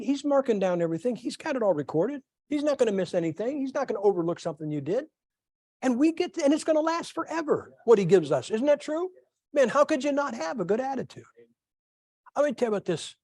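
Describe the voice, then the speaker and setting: A middle-aged male pastor preaching a sermon, telling folksy stories with lively asides to his congregation. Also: high voice, fast, dry recording, clean studio sound. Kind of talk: sermon with storytelling.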